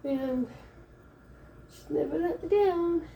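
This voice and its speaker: A young woman from Michigan, a first-time mom, casually telling a story in a chatty, animated way, acting out the voices of the people in it. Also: high-pitched, slow pace, far from the mic, slight background noise. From Michigan, USA. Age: young adult. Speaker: vlogger. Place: home, late at night.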